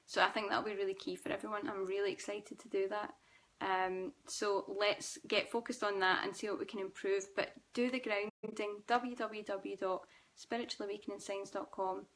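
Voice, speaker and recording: A woman's voice: mid-range voice, fairly even intonation, moderate pace, a bit bright. A young Scottish woman hosting a live stream, reading viewer comments and answering them in a chatty, reassuring way. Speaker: host.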